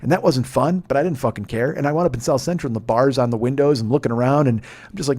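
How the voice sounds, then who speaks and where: A man hosting a podcast, telling a profane, ranting comedic story that swings between muttering and loud exasperation. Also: mid-range voice, fast talker, hardly any pauses. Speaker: podcast host. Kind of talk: rambling comedic monologue.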